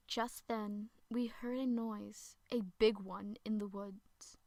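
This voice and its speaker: A woman reading her own first-person horror story aloud in a plain, unhurried amateur style. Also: a little high, fairly even intonation, dry recording.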